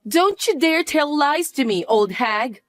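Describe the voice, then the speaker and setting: A harsh, scornful young daughter-in-law, voiced by a woman in a narrated family drama, pitched fairly high with a lively, swinging delivery. The voice is dry and close, with faint music underneath. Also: measured pace, no echo. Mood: rattled.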